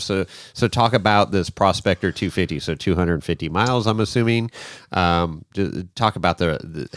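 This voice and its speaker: A man's voice: low-pitched, no room sound, clean studio sound. A man hosting a casual podcast, asking questions conversationally and telling his own side of the story. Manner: conversational, mixes in quoted dialogue with swearing. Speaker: podcast host.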